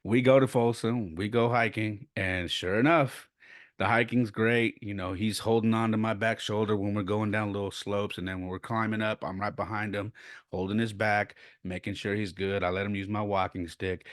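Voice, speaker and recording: A man in his forties, a podcast host, telling personal stories in a casual, animated way and going quiet and subdued in the heavier parts. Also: lowish voice, moderate pace, no room sound, clean studio sound. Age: 40s. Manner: animated storyteller who acts out quoted voices; turns quiet and subdued when speaking of loss.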